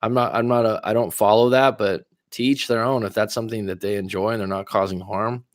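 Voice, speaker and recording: Low-voiced man answering livestream chat. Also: steady tone, no echo, studio quality. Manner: conversational, reads chat aloud and answers with pointed questions; admits talking fast after coffee, some stutters. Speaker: life coach and livestream host. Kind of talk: casual livestream reading viewer comments.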